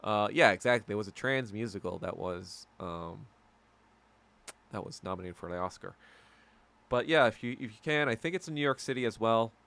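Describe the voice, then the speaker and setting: A man's voice: fairly low pitch, lively intonation, moderate pace, gravelly, a bit bright. An American man hosting a podcast, rambling in a crude, profane and mocking way. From United States. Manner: mocking and abrasive. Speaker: podcast host. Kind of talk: casual solo podcast rant.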